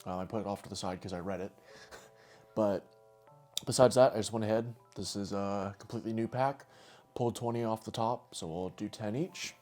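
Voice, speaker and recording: A man's voice: fairly low pitch, a little fast, darkish tone, soft background music. A man co-hosting a casual podcast, laughing often and teasing his friend while running a joke game. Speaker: podcast co-host. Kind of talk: casual chat and party game.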